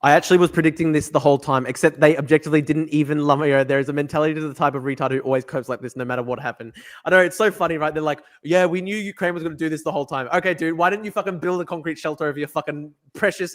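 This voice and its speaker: Young man, livestream host, rapid-fire, gleeful and foul-mouthed, slightly raised pitch. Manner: excitable, profane, laughing, reads chat aloud. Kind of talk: casual livestream commentary.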